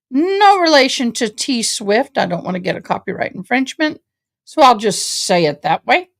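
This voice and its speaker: A woman from Tennessee, chatting casually to her livestream viewers from her home office, a little tired. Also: medium pitch. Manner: chatty, addresses chat as y'all. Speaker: livestream host.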